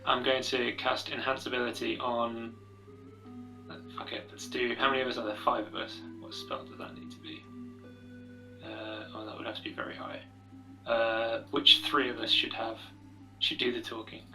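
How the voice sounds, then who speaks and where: A man's voice: medium pitch, little pitch movement, moderate pace, music in the background, low-quality recording. A British man playing a tabletop game, thinking aloud with many fillers and restarts. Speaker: player. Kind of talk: casual tabletop game chat.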